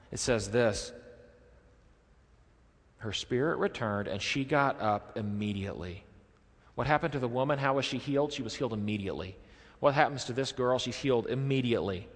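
Male pastor, mid-pitched, preaching expressively, reverberant church hall. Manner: expressive preaching, drops his voice low for quoted lines. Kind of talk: sermon.

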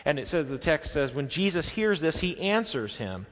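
A male pastor preaching a sermon expressively, dropping his voice low and quiet when he quotes someone. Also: big pitch swings, normal speed. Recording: long hall reverb.

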